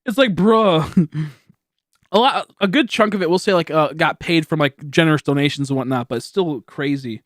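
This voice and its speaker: Young male streamer in his late twenties, slightly raised pitch, laid-back and rambling, a little high, home studio mic with no room echo. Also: a bit bright. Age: late 20s. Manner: rambling, laughing, loose and slowed. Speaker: livestreamer. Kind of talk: casual livestream chat reading donations. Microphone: high-end studio microphone.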